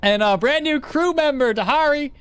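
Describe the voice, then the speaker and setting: A man's voice: sits high, lively intonation, measured pace, a bit bright, no room sound. A man streaming a game live, chatting casually with his viewers and laughing often as he plays. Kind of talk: live gameplay commentary to chat.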